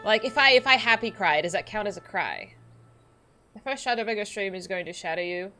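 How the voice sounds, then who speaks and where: A woman's voice: mid-range voice, expressive, brisk, bright, forceful tone, soft background music. A woman streaming a game, chatting casually and giggling with her viewers. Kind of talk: casual live-stream chat.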